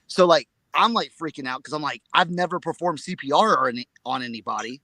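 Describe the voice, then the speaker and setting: A man co-hosting a casual live chat, telling a story in an excitable, rambling way and repeating his words. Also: on the high side, fast, hardly any pauses, dry recording. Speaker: reseller show co-host.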